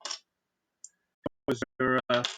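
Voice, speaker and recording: A man's voice: very slow, pushed and bright, dry recording. A man hosting a casual livestream, chatting and greeting viewers by name while he builds. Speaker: livestream host.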